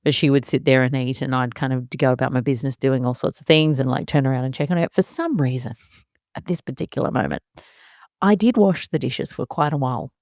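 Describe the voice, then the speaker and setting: Woman in her thirties, low voice, candid podcast host who laughs through her worries, dry close-miked sound. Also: fairly quick, a little mellow, no room sound. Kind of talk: solo parenting podcast monologue.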